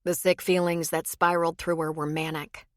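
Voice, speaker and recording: A woman narrating a romance audiobook in measured scripted storytelling. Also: low voice, level tone, dry recording, clean studio sound.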